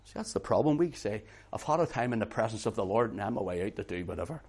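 Delivering his sermon fast and animatedly, a middle-aged man with a lowish voice shifts from quiet closeness to loud, emphatic preaching. Repetition of words adds emphasis.

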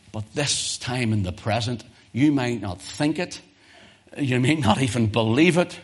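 A man preaching a sermon as pastor, emphatic, swinging from loud exhortation to near whispers. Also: medium pitch, a little slow, husky.

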